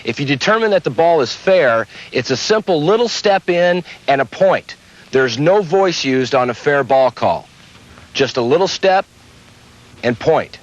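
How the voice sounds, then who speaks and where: A man instructing beginners on umpire mechanics, explaining each step in a steady, methodical way. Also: mid-range voice. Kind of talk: instructional demonstration. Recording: dull lo-fi old video audio.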